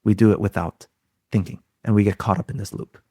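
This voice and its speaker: A man's voice: on the low side, fairly even intonation, fairly quick, dark tone, dry recording, studio quality. A man, a guest expert on a podcast, explaining ideas in a teaching tone and often throwing out rhetorical questions. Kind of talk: explaining in an interview.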